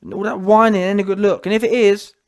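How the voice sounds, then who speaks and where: A man's voice: sits high, little pitch movement, fast talker, darkish tone. A man delivering a mocking rant to camera, who keeps asking his audience "yeah?" for agreement. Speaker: vlogger. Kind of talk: ranting monologue to camera.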